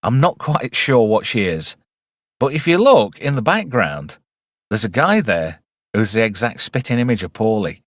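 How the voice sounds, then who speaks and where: A man's voice: on the low side, big pitch swings, normal speed. A man hosting a casual live film review stream, chatty and wry with rambling asides.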